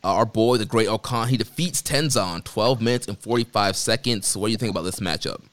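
A man's voice: fairly low pitch, brisk, fairly bright tone, slight background noise. A man co-hosting a podcast in casual chat, laid-back and steering the show to the next topic. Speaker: podcast co-host.

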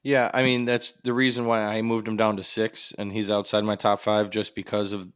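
A man's voice: fairly low pitch, little pitch movement, normal speed, a bit bright, clear, resonant tone, dry recording, clean studio sound. A man with a light Chicago accent hosting a podcast, talking fantasy football in an easygoing way. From Chicago area. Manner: easygoing, laughs often. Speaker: podcast host. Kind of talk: casual fantasy football chat.

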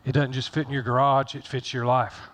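A man's voice: medium pitch, flat delivery, a little fast, fairly bright tone. A middle-aged man pastor giving a conversational sermon, folksy and joking, repeating phrases for emphasis.

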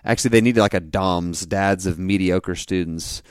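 A man in his thirties co-hosting a podcast, chatting playfully with quick interjections. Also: deep voice, smooth, no room sound, clean studio sound. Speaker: podcast co-host. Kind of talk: casual chat.

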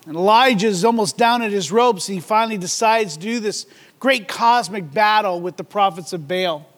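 A man's voice: high-pitched, moderate pace, a bit bright, big-room sound. A man preaching a sermon, reading scripture aloud dramatically and acting out mocking voices. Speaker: pastor.

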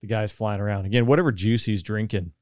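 Easygoing man with a smooth voice. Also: on the low side, fast, darkish tone, no room sound, studio quality. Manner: chatty, easygoing, laughs often. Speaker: podcast host. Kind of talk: casual podcast conversation.

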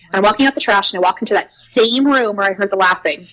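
A young woman casually telling spooky stories from her preschool job. She fills her talk with "like" and acts out quotes in a higher voice. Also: fast talker, a bit bright, low-quality recording. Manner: chatty, lots of "like", acts out quotes with a raised voice. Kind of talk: casual storytelling.

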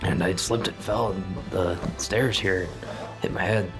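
A man's voice: sits low, fairly even intonation, unhurried, over music. A man playing a tabletop game, speaking casually. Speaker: player.

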